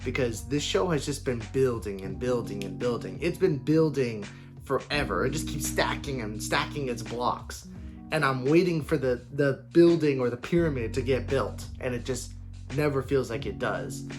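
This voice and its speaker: Casual male vlogger, very expressive pitch, blunt and sweary, guitar music underneath. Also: normal speed. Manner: animated, swears freely, mimics characters in silly voices. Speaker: anime commentary vlogger. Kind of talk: casual opinion rant.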